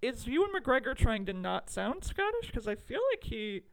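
Chatty woman with a creaky voice. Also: on the high side, moderate pace, low-quality recording. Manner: chatty, animated, with laughs and mock outrage. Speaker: podcast co-host. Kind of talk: casual movie review chat.

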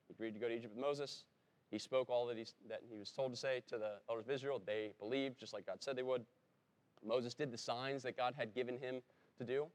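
A man preaching a sermon in a conversational way, breaking into emphatic rises when he quotes someone, and stopping now and then to correct himself. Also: mid-range voice. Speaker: pastor. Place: church.

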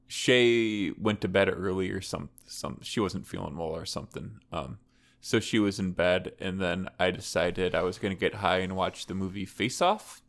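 Laid-back man telling a rambling story. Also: low voice. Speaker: podcast co-host. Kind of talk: casual chat.

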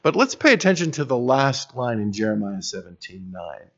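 A man's voice: mid-range voice, big pitch swings, normal speed, fairly bright tone. Earnest preacher man, lo-fi sound. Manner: earnest, building to emphatic peaks, with wry self-deprecating humor. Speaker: pastor. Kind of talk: sermon. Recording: dull lo-fi recording.

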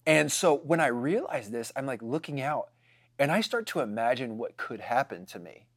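A man's voice: mid-range voice, very animated, moderate pace, dry recording, studio quality. A man telling a casual story to his congregation, chatty and full of fillers.

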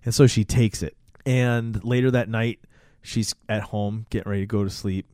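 A man's voice: fairly low pitch, moderate pace, clean tone, no room sound, clean studio sound. A man casually retelling a horror movie scene on a podcast, swearing freely and acting out lines of dialogue. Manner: profane, animated storytelling with acted-out quotes. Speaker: podcast co-host. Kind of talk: casual movie recap chat.

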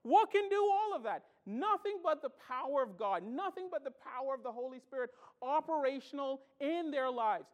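High-voiced animated preaching man. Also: moderate pace, few pauses. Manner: animated preaching, swinging from loud exclamations to hushed asides; tells stories and acts out reactions. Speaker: pastor. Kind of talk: sermon.

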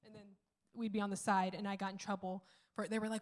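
A woman's voice: medium pitch, little pitch movement, fast talker. A woman, the pastor's wife, talking casually at church on a handheld mic, rambling into side stories. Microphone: handheld microphone.

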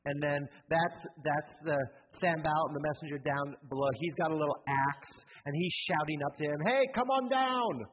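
A man's voice: fairly high pitch, level tone, moderate pace, hardly any pauses, slight background noise. A man preaching a sermon as a pastor, telling a Bible story with jokes and building to a rousing call to commit. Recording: dull sound with long hall reverb.

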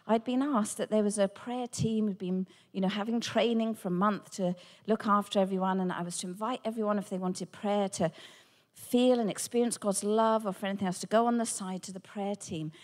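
A woman, a Christian speaker, telling a personal testimony with animated storytelling and acted-out dialogue. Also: medium pitch. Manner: animated, acts out quoted dialogue.

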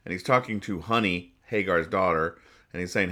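A low-voiced man with a bright, forward tone, reading comic strips on a podcast. He explains each joke in a deadpan, rambling way with lots of fillers and restarts. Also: a little fast. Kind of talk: casual comedic comic reading.

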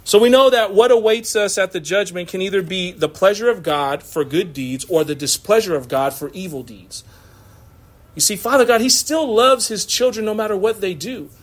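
Pastor, male, high-pitched, conversational sermon with frequent laughs. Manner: conversational, laughing often, acts out quotes.

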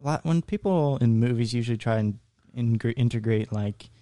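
A man's voice: medium pitch, normal speed, warm tone, dry recording, studio quality. A young man casually chatting about a movie with his father, laid-back and agreeable. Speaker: co-host, son. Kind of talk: casual movie review chat.

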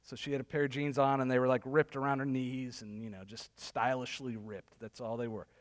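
A man's voice: mid-range voice, level tone, brisk. Man preaching in a reverberant hall. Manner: storytelling, rising to sarcastic intensity. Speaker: pastor. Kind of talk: sermon.

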